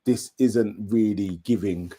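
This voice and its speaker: A man's voice: lowish voice, slow pace, warm tone. A British man hosting a casual TV recap chat, laid-back and candid with slangy asides. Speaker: host. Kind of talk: casual chat, reading viewer comments.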